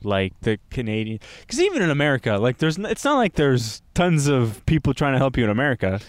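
Male podcast co-host, mid-pitched, dry close sound, rambling and animated, casual chat. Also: fast talker, no echo. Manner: rambling, animated storytelling with many fillers. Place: outdoors in a cemetery.

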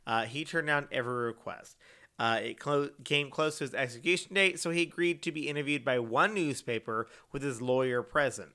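A man's voice: medium pitch, a little fast, sharp tone. A man hosting a casual true-crime podcast, chatty and joking, with many fillers and restarts. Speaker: podcast host.

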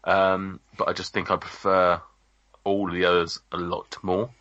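Bright-voiced chatty man. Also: sits low, monotone, measured pace, no room sound. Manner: rambling, chatty, lots of ums and restarts. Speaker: podcast co-host. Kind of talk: casual chat. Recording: dull lo-fi podcast audio.

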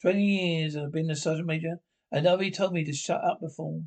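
A pompous career sergeant major full of bellowing indignation, as an actor plays him. His voice sits high for a man, and he talks in the brisk, blustering way of the parade ground. The scene comes from a 1970s British film comedy. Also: steady tone, a little mellow, close to an everyday voice. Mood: indignant. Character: blustering veteran male army sergeant major.

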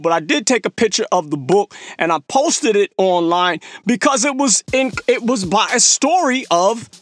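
A very high-pitched man hosts a podcast, swinging his voice up and down as he tells stories. His talk is casual and slangy. He acts out his own past remarks and laughs at himself. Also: fairly bright tone. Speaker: podcast host. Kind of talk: casual storytelling monologue.

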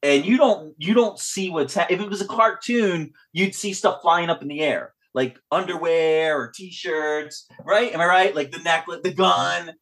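A man's voice: fairly high pitch, unhurried, few pauses. A man hosting a podcast, animatedly talking through a film's ending in casual chat and acting out its lines. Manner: animated, acts out lines from the film. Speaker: podcast host. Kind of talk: casual film discussion.

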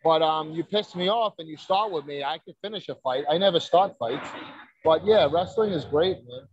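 A man's voice: fairly high pitch, moderate pace, dull audio. A man, a wrestler telling brash, profane stories in a casual podcast chat. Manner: brash, profane, boastful storytelling. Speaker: wrestler guest.

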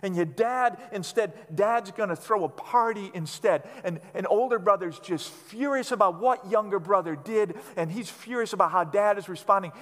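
A man preaching a sermon as pastor, emphatic and repetitive, letting phrases sink to a quiet, low finish. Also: normal speed, few pauses. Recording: long hall reverb.

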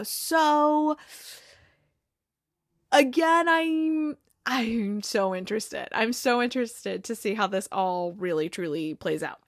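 A woman giving a casual, animated recap of a TV episode, swearing freely and acting out the characters' lines. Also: fairly high pitch, no echo, clean studio sound.

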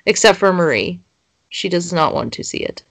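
A woman's voice: fairly low pitch, expressive, moderate pace, no room sound. A young woman, co-hosting a casual chat and reading social media posts aloud. She giggles and swears freely.

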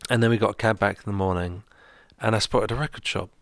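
A man hosting a radio show, casually chatting with a co-host and telling a relaxed story with chuckles. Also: on the low side, quick pace, vocal fry, dry recording, clean studio sound.

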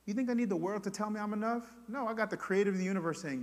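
A man preaching a sermon to a congregation, moving between loud, emphatic preaching and quiet, intimate passages. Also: high-pitched, very fast, few pauses. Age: adult parent. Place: church sanctuary before a congregation. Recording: long hall reverb in a church.

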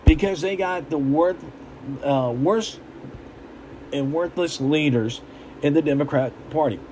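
A young man talks in a blunt, emphatic, repetitive rant, his voice sitting a little high for a man. He speaks casually as a commentator, and a faint hum of a vehicle runs underneath. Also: a little slow, mellow, poor audio. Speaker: political commentator. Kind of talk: casual ranting monologue.

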